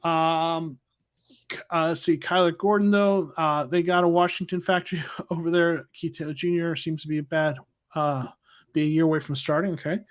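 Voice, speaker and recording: High-voiced man hosting a livestream. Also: level tone, normal speed. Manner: rambling, many fillers and restarts. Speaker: livestream host. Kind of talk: casual livestream chat. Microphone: new microphone.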